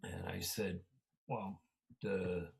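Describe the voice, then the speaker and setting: A man hosting a casual conversation, speaking haltingly with many fillers. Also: low-pitched, level tone, gravelly, low-quality recording. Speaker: host. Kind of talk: casual chat.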